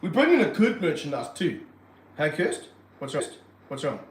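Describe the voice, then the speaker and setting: A slightly high-voiced man chats excitably on a livestream, dropping slang and jokes. He is in a reptile room with hard walls that ring around his voice, and a faint hum sits underneath. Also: moderate pace, roomy sound, poor audio. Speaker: reptile park owner and streamer. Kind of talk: casual livestream chat.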